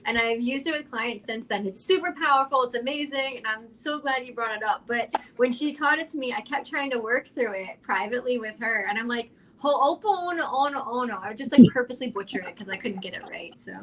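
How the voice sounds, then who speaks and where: Woman panelist, coaching type, earnest and animated, round-table chat. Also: on the high side, fast talker, hardly any pauses, poor audio. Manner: earnest, animated, wanders into asides. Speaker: podcast panelist who coaches clients.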